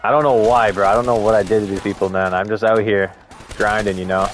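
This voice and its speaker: A man's voice: fairly low pitch, fairly even intonation, fast, a little hiss or hum. Laid-back young man streaming, slangy. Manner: laid-back slangy banter, swears freely. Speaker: live-streamer. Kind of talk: casual gaming stream chat.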